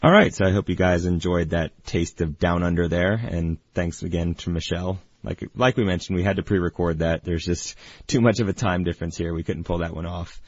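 A man's voice: deep voice, steady tone, fairly quick, breathy edge, no echo, highs cut off. A man from the United States co-hosting a podcast in casual chat, with dry, teasing humor. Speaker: podcast co-host.

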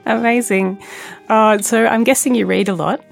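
A woman's voice: fairly high pitch, fairly even intonation, normal speed, creaky, faint music behind. A woman interviewing in casual chat, encouraging and full of praise.

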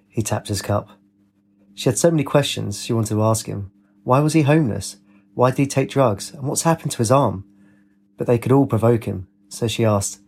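Husky male audiobook narrator, steady storytelling. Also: medium pitch, a little fast.

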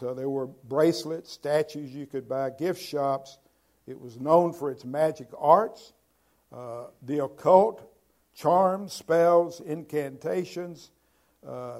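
A man preaching a sermon in a slow, halting way, with many fillers and restarts, stressing key words so his voice swells and then drops. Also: mid-range voice, a little mellow. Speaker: pastor.

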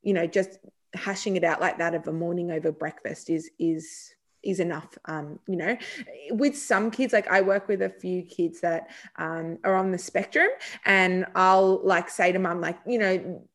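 A woman's voice: fairly low pitch, fairly even intonation, moderate pace, fairly bright tone. A woman hosting a podcast as a psychologist, talking in a chatty, casual way, full of fillers and restarts.

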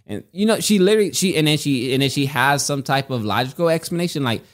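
A man's voice: a little high, quick pace. A man co-hosting a casual podcast, telling stories in a rambling way and often repeating his words. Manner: rambling, repeats himself, animated storytelling. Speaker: podcast co-host. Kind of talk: casual chat. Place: home podcast setup.

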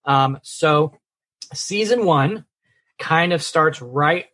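A man's voice: fairly high pitch, drawn-out words, bright, forceful tone. A man co-hosting a casual movie and TV podcast, chatty and upbeat. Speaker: podcast co-host. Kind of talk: casual chat.

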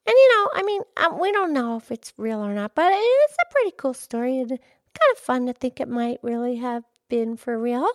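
A woman voicing an excitable, chatty young female character named Pinky, in a two-voice character chat. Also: moderate pace, dry recording, studio quality. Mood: eager. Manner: eager, gushing, much higher than her own voice.

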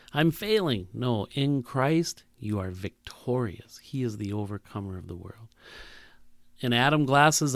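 A man's voice: lowish voice, unhurried, fairly bright tone, no room sound. A man preaching a sermon in a reflective way, asking rhetorical questions and restarting his sentences often.

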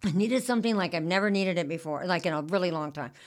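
An older woman with a fairly low voice tells a personal story, haltingly and confessionally, often restarting and repeating herself.

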